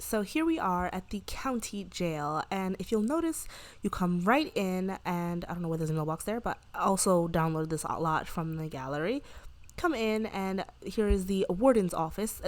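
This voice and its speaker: A woman narrating her game as a casual story, quoting the characters in quick voices and sometimes breaking into excited shrieks. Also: on the low side. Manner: chatty, retells scenes with quick quoted voices, bursts into excited shrieks. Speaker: gameplay narrator. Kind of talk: casual let's-play storytelling.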